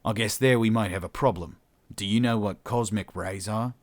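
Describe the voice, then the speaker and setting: A man's voice: on the low side, normal speed, no echo, natural voice. A man voicing a cocky, menacing human male salvager who talks casually, swears and keeps saying "mate".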